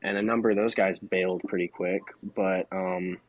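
A man from the United States talks as a podcast guest in a husky, slightly low voice. He speaks candidly and thinks aloud, often restarting his sentences. The sound is dry and close. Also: steady tone, normal speed, no echo, dull audio. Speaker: freelance journalist, guest. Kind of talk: casual podcast conversation.

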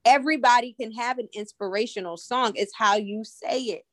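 A woman's voice: fairly high pitch, fairly quick, no room sound. A woman podcast co-host in casual chat, talking emphatically and laughing often.

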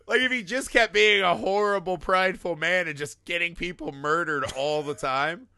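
A man's voice: high-pitched, moderate pace, pushed and bright, smooth. A man co-hosting a casual film discussion, irreverent and profane, laughing often. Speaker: podcast co-host.

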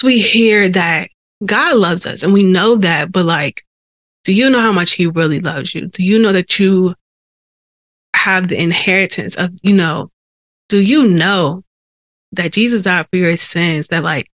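A woman's voice: lowish voice, a little slow, fairly bright tone, dry recording. A woman hosting a faith podcast, telling her personal testimony in an earnest, conversational way, with held breaths and sighs caught by a sensitive microphone. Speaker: podcast host.

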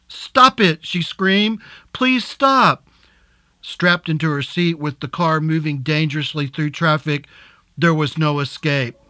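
A man narrating a dark serial story in a measured, deliberate way, and hosting the episode. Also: mid-range voice, no room sound, studio quality. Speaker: narrator and host.

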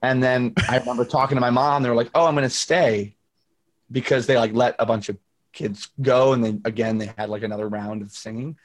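Speaking fast and flat at medium pitch, a young singer-songwriter tells stories casually in a video call interview, dropping lots of fillers and performing the quotes he relates.

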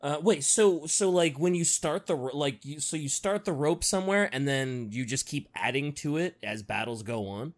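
A man's voice: fairly high pitch, expressive, moderate pace, few pauses. A man in casual podcast chat who reacts with exclamations, laughs often and teases sarcastically. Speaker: podcast co-host.

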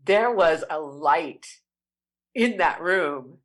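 A woman who is a singer, speaking as an interview guest and telling a heartfelt personal story, expressive and lingering on words. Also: deep voice, very slow.

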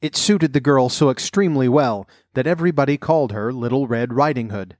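A man narrating a fairy tale in a measured, clear storytelling voice. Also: medium pitch, darkish tone, dry recording, studio quality.

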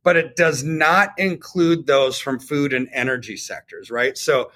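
A man talks through economic news in a relaxed, conversational way. His voice sits at an ordinary middle pitch, and he keeps pulling the listener along with quick rhetorical asides. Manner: conversational, explains with rhetorical "right?" tags. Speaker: podcast co-host. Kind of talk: casual commentary on economics.

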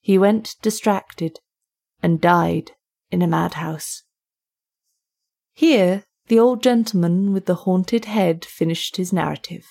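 A woman who narrates a short story and hosts the show, reading in a measured, even way. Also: lowish voice, gravelly. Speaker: narrator and host.

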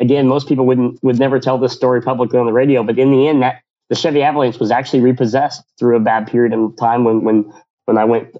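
A man's voice: mid-range voice, darkish tone, dull audio. A man, a business owner, telling stories in a casual radio interview, rambling with many restarts and acting out quotes.

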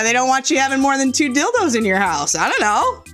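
A woman's voice: high voice, sing-song, fairly quick, a bit bright, soft background music. A woman contestant in a comedy quiz, joking loosely and swearing freely. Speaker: panel contestant. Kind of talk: casual comedy banter.

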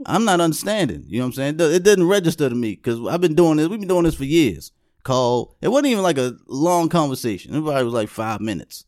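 A man's voice: a little high, big pitch swings, quick pace, a little mellow, dry recording, studio quality. A young adult man hosting a casual podcast, telling a story in a laid-back way and often asking "you know what I'm saying". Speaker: podcast host.

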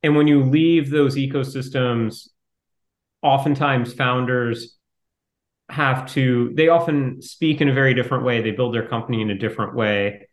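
A man answering interview questions as a startup investor, talking quickly and in a fairly flat way. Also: medium pitch. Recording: roomy echo.

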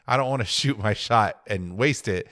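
A man's voice: lowish voice, moderate pace, fairly bright tone, no echo, studio quality. A young man co-hosting a podcast, telling a rambling, reflective story in casual chat. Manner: rambling, reflective, self-interrupting. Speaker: podcast co-host.

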